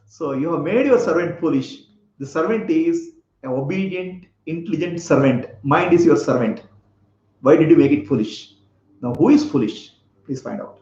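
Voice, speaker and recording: A man's voice, a little high and dark in tone, moves at a normal speed with plenty of expression. He is a spiritual teacher telling a parable, asking questions of those listening, and laughing often. Echo fills the room, and the lo-fi audio sounds slightly dull.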